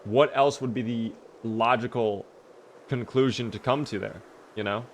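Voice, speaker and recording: A man's voice: mid-range voice, a little slow, slight background noise. Chatty man streaming a game. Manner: chatty, talks to chat, bursts of excitement. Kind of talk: live game commentary.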